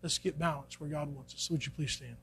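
A man's voice: fairly high pitch, fairly even intonation, fairly quick, vocal fry, a bit bright, slight background noise. A man preaching a sermon to his congregation in a folksy, conversational way, acting out little quotes. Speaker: pastor. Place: church sanctuary. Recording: faint music behind, church live stream.

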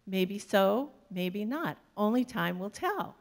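An elderly farmer answers every twist of luck with the same measured calm, as a woman minister puts him on. His words come slowly. They carry a gravelly texture. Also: mid-range voice. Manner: measured, even-tempered.

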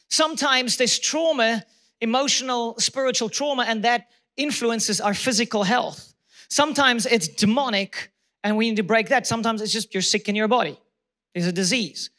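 Guy preaching, high pitched voice, hammers the same phrase again and again. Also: sharp tone. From South Africa. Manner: preaching with emphatic repetition. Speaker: pastor. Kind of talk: sermon.

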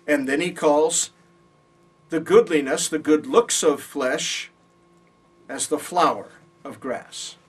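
A man with a slightly rough voice on the high side teaches a Bible college class slowly, pausing often. He explains patiently and checks in with students, and the classroom mic catches him from far away.

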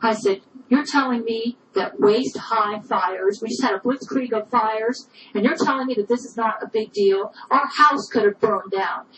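A woman's voice: fairly high pitch, normal speed, hardly any pauses, background noise. A woman telling a personal story with indignation, often repeating "I said" as she recounts arguments. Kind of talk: personal testimony.

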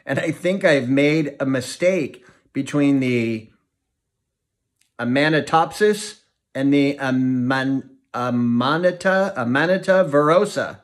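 A man's voice: mid-range voice, close to an everyday voice. A man doing a fretful, tearful small-town mom. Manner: anxious, emotional, prone to dramatics. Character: fretful thrifty small-town mother, middle-aged woman. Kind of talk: audiobook character reading.

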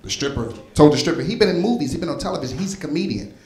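Speaking very fast in a slightly high, animated voice, a comic from North Philadelphia, USA works a club crowd head-on with punchy, chatty delivery. The live club audio is roomy, and laughter from the audience comes through.

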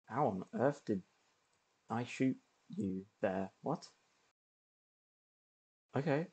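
Slow-talking, laid-back male streamer. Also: medium pitch, slightly rough. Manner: relaxed, chatty, laughs often. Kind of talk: casual gameplay commentary.

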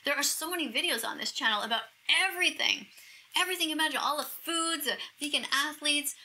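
A middle-aged woman vlogging to camera as she reacts to a video. She talks in an emotional, gushing way and often drops into a breathy whisper. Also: high voice, fast talker, bright, forceful tone, poor audio. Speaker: vegan activist vlogger.

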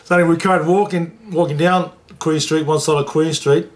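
A man, a former rugby league player telling an emotional story in an interview and getting lively when he quotes others. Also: fairly high pitch, brisk. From New Zealand.

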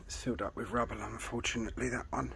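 A man's voice: mid-range voice, fairly even intonation, fast, vocal fry. A man with a London accent chatting casually to his viewers while out on a walk, rambling and friendly, recorded outdoors with heavy noise behind. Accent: London English. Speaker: vlogger. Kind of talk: casual walking vlog to viewers. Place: outdoors at a coastal holiday park.

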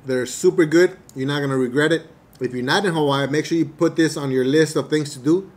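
A man doing a casual eating review to camera, relaxed and hesitant, with many fillers and chewing pauses, a little away from the mic. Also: a little high. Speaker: mukbang vlogger. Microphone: camera mic at table distance.

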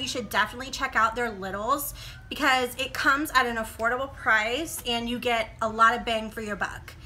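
A woman's voice: on the high side, pushed and bright, a little hiss or hum. A young woman vlogging a casual product review at home, chatty and sassy, calling viewers honey and girl and talking like a motor mouth. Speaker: beauty vlogger. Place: home room with poor lighting.

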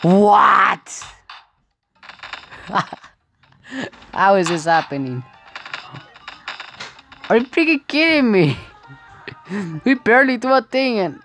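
A woman narrates her gameplay in a casual, unhurried way, her pitch leaping around as she cries out in frustration and laughs. Her voice sits a little low, and faint game music plays behind her. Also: animated, creaky, a bit bright. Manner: exclaims and laughs often, frustrated outbursts. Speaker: gaming video creator.

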